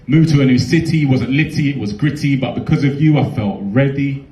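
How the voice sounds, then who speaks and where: A man's voice: mid-range voice, brisk, warm tone, reverberant, highs cut off. A young man with a London accent performing a heartfelt spoken word poem in a rhythmic, rhyming delivery.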